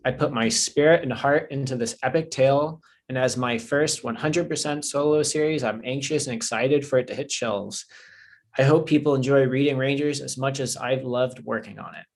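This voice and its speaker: A man's voice: medium pitch, moderate pace. A man with a mid-range voice, co-hosting a casual livestream. He reads out comic blurbs at an easy pace. The chat around him is loose and friendly. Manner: relaxed, reads blurbs aloud. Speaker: comics publisher staff co-host.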